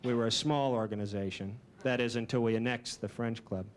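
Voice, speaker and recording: A man doing a stand-up comedy routine with a dry, deadpan, self-deprecating delivery. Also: medium pitch, a little fast. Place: comedy stage before a live audience. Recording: noisy early 1990s VHS recording.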